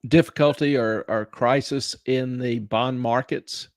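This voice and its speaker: A man hosting a live finance talk show, bantering dryly and then explaining slowly. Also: mid-range voice, fairly even intonation, dry recording. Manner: dry, teasing banter, then slow explaining.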